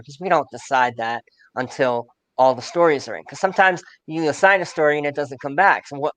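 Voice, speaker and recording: Low-voiced woman panelist, chatty and digressive, dry close mic. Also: a bit bright, no echo, rough recording. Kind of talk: casual anecdote.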